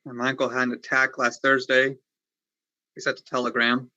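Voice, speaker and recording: Actor as a stammering, despairing young playwright. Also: male voice, mid-range voice, completely flat delivery, moderate pace, sharp tone, highs cut off. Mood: pleading. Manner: stammering, pleading. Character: young playwright Konstantin, despairing, pleading, lovesick. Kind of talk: virtual play reading. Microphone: video call.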